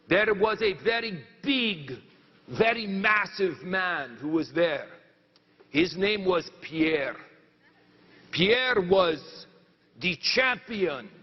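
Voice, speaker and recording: Man doing a high-voiced French lumberjack. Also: in a large hall, muffled recording, heavily acted. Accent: put-on French. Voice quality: halting, searching for words. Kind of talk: comic monologue in character.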